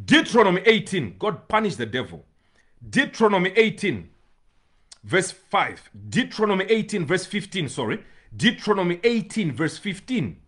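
A man preaching a sermon as pastor, swinging between loud shouts and hushed pleading, with bursts of tongues. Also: high-pitched, very animated, moderate pace.

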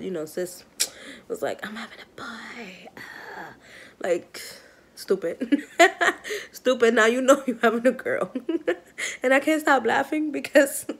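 A pregnant woman in her thirties from New York, chatting excitedly to camera in a rambling, giggly way. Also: a little high. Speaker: vlogger, mother of five. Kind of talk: casual vlog chat to camera.

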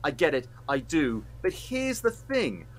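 A man's voice: a little high, wildly swooping pitch, a little slow, a little hiss or hum. A man co-hosting a film review podcast, ranting with heated, sweary sarcasm. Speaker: podcast co-host reviewing films. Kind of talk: casual podcast rant.

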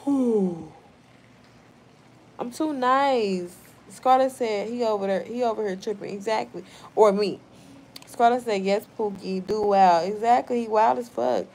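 A young woman with an unhurried, mid-range, slightly mellow voice hosts a casual live stream outdoors at home in the evening. She reads the chat aloud and answers it bluntly, swearing freely and talking back to trolls.

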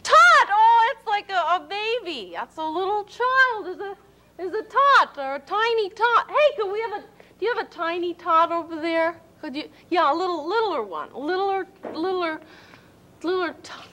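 A woman's voice: very high-pitched, lively intonation, normal speed, pushed and bright. A woman presenting a children's TV show who sounds out letters and words in delighted tones. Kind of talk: slow phonics teaching.

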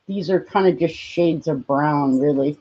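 Slow, soft-toned woman cooing at a pet. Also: husky, muffled recording. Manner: coos at her pet in high baby talk between plain explanations. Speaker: pet keeper hosting a live stream. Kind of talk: casual live-stream chat.

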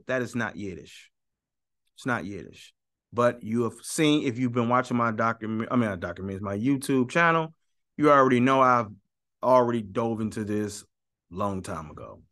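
A man lecturing his viewers with a lively, swinging pitch that goes from high and pushed to low and muttered. His tone is bright and forceful, and he argues his point, repeating lines to hammer them home. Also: moderate pace. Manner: emphatic, argumentative, repeats for stress. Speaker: YouTube teacher. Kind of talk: animated teaching monologue.

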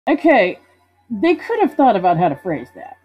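Woman streamer, husky, joking game commentary, lo-fi audio with music behind. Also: medium pitch, sing-song, normal speed. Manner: playful, reads game text aloud and jokes. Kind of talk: casual let's-play commentary.

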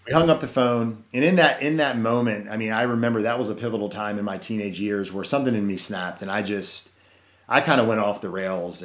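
A man's voice: on the low side, a bit bright. A man telling his life story as a podcast guest, earnest and rambling, with many "you know" fillers and restarts. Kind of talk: personal testimony in casual conversation. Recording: roomy echo.

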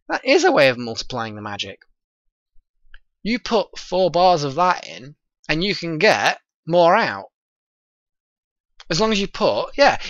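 A man's voice: on the high side, no echo. Chatty man narrating gameplay. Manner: chatty, thinking aloud, excitable. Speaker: let's play host. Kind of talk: casual gameplay commentary.

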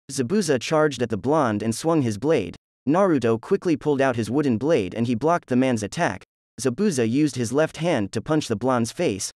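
A man narrates a fan story in a plain, even reading. His voice sits at an ordinary middle pitch, and the sound is dry and close to the mic. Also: no echo.

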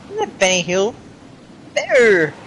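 Man, game streamer, casual commentary, chatty, giggles a lot, unhurried delivery, very animated pitch. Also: a little hiss or hum, low-quality recording. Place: car park.

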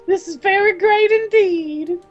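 A man voicing a gentle, kindly male talking cat who soothes and reassures in a soft voice while reading game dialogue. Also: very high voice, measured pace, muffled recording, faint music behind. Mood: comforting.

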